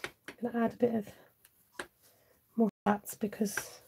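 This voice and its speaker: A woman's voice: fairly high pitch, level tone, unhurried, gravelly, a little mellow, slight background noise. A woman hosting a live cardmaking stream. She chats with viewers as she works and makes self-mocking asides. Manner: chatty, reads out viewer comments and answers them; talks aloud while working, with self-mocking asides. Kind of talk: casual live craft demonstration.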